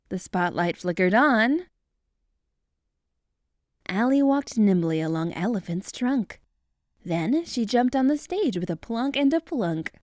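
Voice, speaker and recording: A woman narrating a children's storybook in an animated read-aloud manner. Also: medium pitch, unhurried, no room sound, studio quality.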